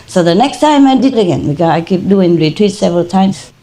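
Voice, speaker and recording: A woman's voice: fairly low pitch, expressive, fairly quick, dark tone. An older woman with a Vietnamese accent, a native speaker of Vietnamese, telling a personal story in an informal spiritual talk and laughing often. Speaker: spiritual teacher.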